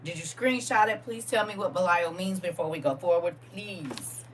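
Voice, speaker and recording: A woman's voice: on the low side, moderate pace, recorded from a distance, slight background noise. A woman leading a casual livestream reading, playful and joking with her chat and laughing often.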